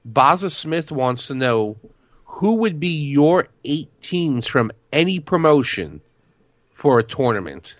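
A man's voice: fairly high pitch, sing-song, takes it slowly, a bit bright, no echo. A man co-hosting a wrestling podcast, reading listener questions and cracking dry jokes. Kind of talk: casual wrestling chat.

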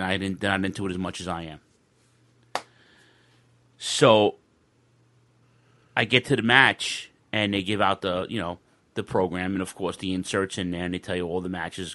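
Excitable rambling man telling a story. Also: deep voice, brisk, long pauses. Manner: rambling, restarts often, swears, excitable. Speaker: podcast guest telling a wrestling fan story. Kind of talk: casual storytelling on a video call podcast.

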